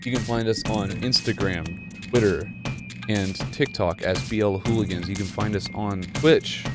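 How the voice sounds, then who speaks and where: A man's voice: fairly low pitch, unhurried, over loud music. A man co-hosting a casual podcast, crude and sarcastic as he jokes with friends. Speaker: podcast co-host.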